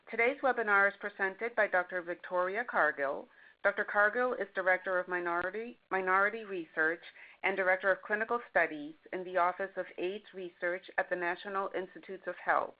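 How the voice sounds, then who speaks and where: A woman hosting a webinar, reading a formal, scripted introduction of the speaker. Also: lowish voice. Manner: formal, read-aloud delivery. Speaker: webinar host. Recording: tinny phone-like line.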